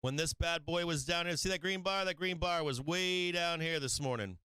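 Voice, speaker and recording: A man hosting a live stock market stream, walking through charts in a brash, excitable way with casual swearing. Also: fairly high pitch, moderate pace, clean tone, dry recording. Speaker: stock market show host.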